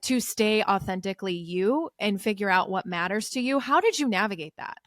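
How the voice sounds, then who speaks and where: A woman's voice: mid-range voice, lively intonation, fairly quick, no room sound, studio quality. A woman co-hosting a podcast, asking her guest a thoughtful question. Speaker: podcast co-host. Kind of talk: interview questions.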